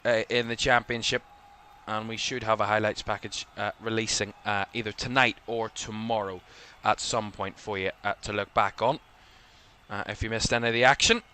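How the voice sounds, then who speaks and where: A man's voice: lowish voice, fairly even intonation, moderate pace, sharp tone, slight background noise. A man with a Northern Irish accent from Belfast, hosting live watchalong commentary in a rambling way, full of fillers. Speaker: host.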